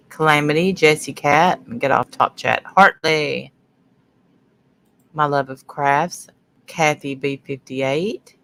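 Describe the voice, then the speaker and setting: A middle-aged woman hosting a casual livestream, sniffly from her sinuses, rambling as she greets viewers by name between stories. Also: low voice. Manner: rambling, chatty, greets viewers mid-sentence. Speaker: livestream host.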